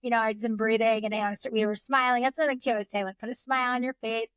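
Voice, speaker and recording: A woman's voice: a little high, flat delivery, racing, fairly bright tone, smooth, dry recording. A woman in her thirties, a breathwork coach as a podcast guest, talking in a casual, chatty way full of "you know" and "like". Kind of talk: casual conversational interview.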